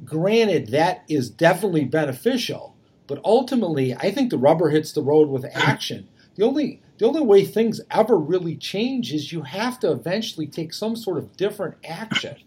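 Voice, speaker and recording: A man hosting a talk, his voice husky and a little higher than most. He reflects aloud in a thoughtful way, often pausing on fillers as he works through ideas. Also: sing-song, darkish tone. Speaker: podcast host. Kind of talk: reflective conversational commentary.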